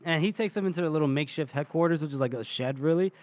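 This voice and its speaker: High-voiced man retelling a story. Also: racing, no room sound. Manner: retells scenes, reading character lines with laughter. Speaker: podcast co-host. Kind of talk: casual book-discussion chat.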